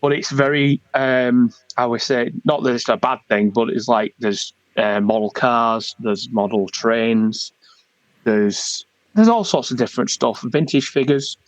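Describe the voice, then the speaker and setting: A down-to-earth man with a Wigan accent talks through his plans in a loose, rambling, colloquial way. His voice sits at an ordinary middle pitch. The sound is close and dry, with no room around it. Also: unhurried, no room sound, low-quality recording. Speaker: convention organiser, guest. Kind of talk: casual interview chat.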